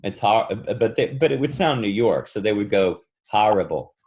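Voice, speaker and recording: A man from the United States, a voice and speech coach, explaining pronunciation in a relaxed interview and demonstrating vowel sounds. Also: on the low side, moderate pace, noisy background. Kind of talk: conversational interview answer.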